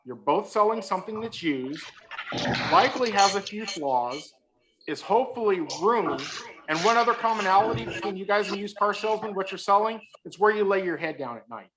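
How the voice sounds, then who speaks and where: A man's voice: sits high, animated, brisk, noisy background. A man giving a humorous talk on a video call, teasing his listeners and telling a story with punchlines. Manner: joking, storytelling, teasing the audience. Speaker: guest speaker.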